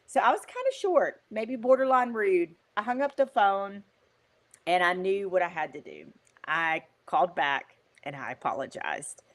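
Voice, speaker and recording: A woman guest on an interview show, talking in an emphatic, animated, motivational way with frequent fillers. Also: fairly low pitch, a little slow. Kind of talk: motivational conversational talk.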